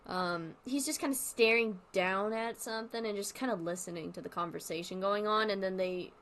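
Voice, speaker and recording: Woman, streamer, casual game commentary, rambling, thinking out loud, medium pitch. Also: normal speed. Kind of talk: casual commentary while playing.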